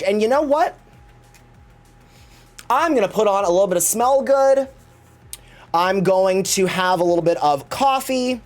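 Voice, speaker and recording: A man's voice: high-pitched, lively intonation, unhurried, long pauses. A man streaming live, chatting casually in a campy, theatrical way and swearing freely.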